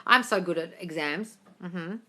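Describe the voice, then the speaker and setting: A woman's voice: lowish voice, unhurried, pushed and bright. A woman doing a casual live Q&A, reading viewer questions aloud and answering them in a breezy, blunt way, calling people darling and swearing offhandedly. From Australia. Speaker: manifestation coach on a live stream.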